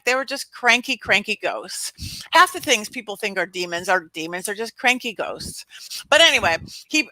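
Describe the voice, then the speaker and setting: Bright, animated woman telling a story. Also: a little high, dry recording, low-quality recording. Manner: animated, dramatic storyteller who acts out quotes. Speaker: spirit medium and guest.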